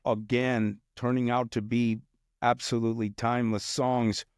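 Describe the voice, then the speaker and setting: A man hosts a sit-down interview, posing long, eager questions in a mid-pitched voice. The sound is dry and close, with no room echo. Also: little pitch movement, unhurried, smooth. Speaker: podcast host.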